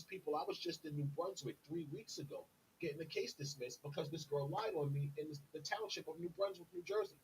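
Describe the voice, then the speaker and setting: A man's voice: fairly high pitch, a little hiss or hum, low-quality recording. A man delivering an indignant, insistent monologue as a podcast host, repeatedly addressing his listeners as "people". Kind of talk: direct-to-camera monologue.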